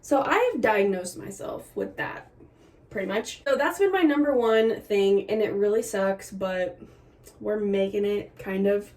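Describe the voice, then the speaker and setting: A woman's voice: medium pitch, a little slow, a little mellow. A young woman giving a candid, chatty pregnancy update to a camera on a tripod at home, laughing through her complaints and a little short of breath. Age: young adult. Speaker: vlogger. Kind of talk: casual pregnancy update vlog. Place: indoors at home.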